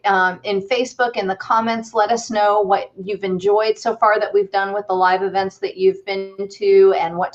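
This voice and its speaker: A chatty woman hosts a casual livestream, upbeat and thinking aloud as she goes. Her voice sits at a middling pitch. The audio comes through a slightly dull, lo-fi video call. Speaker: host.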